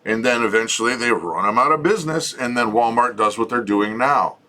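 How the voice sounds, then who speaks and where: A middle-aged man with a bright, forward voice, co-hosting a home chat show. He talks in a loose, joking way and often restarts his sentences. His pitch sits in the ordinary male middle. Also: a little fast. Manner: chatty, relaxed, joking, frequent restarts. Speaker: co-host of a homesteading channel. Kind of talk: casual chat with viewers.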